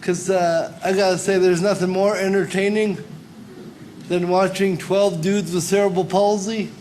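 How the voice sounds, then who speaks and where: A high-voiced male comedian tells a story in a halting way, pausing often. The live club recording picks up crowd sound and background noise. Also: level tone, darkish tone, poor audio. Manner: halting, with many uh pauses. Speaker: stand-up comedian. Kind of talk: stand-up set.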